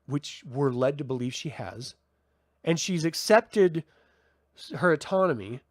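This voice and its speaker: A man talks through a TV episode review on his own channel in a loose, chatty way. He rambles and restarts, filling pauses with ums. His voice sits a little high and the sound is dry and close. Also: expressive, dry recording. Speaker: TV review host. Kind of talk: casual solo review talk.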